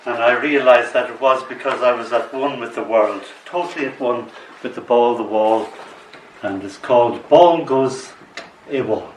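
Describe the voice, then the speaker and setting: An older man reading his own poems aloud at a live bookshop event, in a soft storytelling way. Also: mid-range voice, normal speed, slight background noise. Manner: soft, storytelling delivery with acted voices. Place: small bookshop, indoors. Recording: roomy bookshop sound from a distance.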